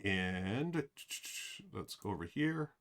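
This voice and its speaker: A man's voice: lowish voice, big pitch swings, takes it slowly. A man streaming a board game, thinking aloud with many fillers and talking straight to his chat. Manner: addresses chat directly. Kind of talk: casual live-stream commentary.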